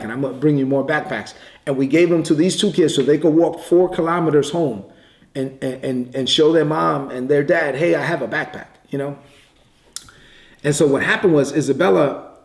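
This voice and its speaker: A man's voice: a little high, vocal fry. Echoey preacher man telling a story. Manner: conversational, repeats words, quick bursts. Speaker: pastor. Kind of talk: sermon storytelling. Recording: echoey room.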